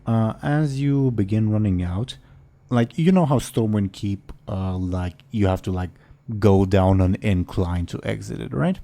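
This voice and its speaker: Slow, low-voiced male game master. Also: vocal fry. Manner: relaxed, with many fillers. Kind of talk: narrating a tabletop role-play game.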